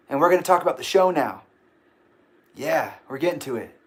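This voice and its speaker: A man's voice: fairly high pitch, lively intonation, brisk, long pauses. Grumpy rambling man on a livestream. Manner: grumpy, rambling, laughs often. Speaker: livestream host. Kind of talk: casual livestream chat. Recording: echoey room.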